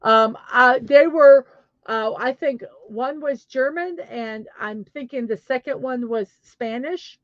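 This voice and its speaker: A woman's voice: high voice, takes it slowly, no echo, muffled recording. A middle-aged woman with a Southern accent hosting a casual daily show, laughing at herself and apologizing as she stumbles. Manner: giggly, self-deprecating, stumbles and apologizes. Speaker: host of a daily positivity show. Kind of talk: casual solo chat.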